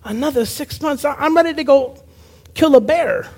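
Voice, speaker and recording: A man preaching a personal testimony sermon as an evangelist, telling his story with animation, acting out other people's lines, and dropping low and quiet for emphasis. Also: moderate pace. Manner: animated storyteller who acts out quoted voices.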